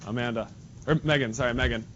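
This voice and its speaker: A man's voice: mid-range voice, steady tone, fast talker, fairly bright tone. A male math teacher leading a classroom lesson, casual and joking, calling on students by name. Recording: dull lo-fi classroom recording with faint noise.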